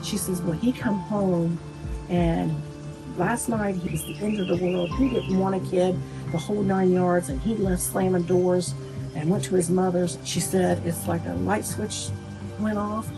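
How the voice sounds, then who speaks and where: In a rough recording with music behind her, a middle-aged mother of a murder victim retells family talks during an interview, quoting each speaker in a plainspoken way. Her pitch is fairly low, her tone steady, her pace a little slow.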